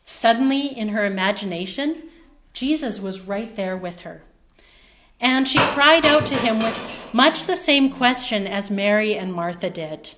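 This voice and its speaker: A woman preaching a sermon in a reflective, storytelling manner, her phrases trailing off softly. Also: mid-range voice, expressive, measured pace, background noise.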